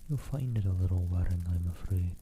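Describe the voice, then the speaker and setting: A man voicing a steady, polite village blacksmith in a whispered role-play. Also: deep voice, brisk, slight background noise, lightly acted. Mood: calm.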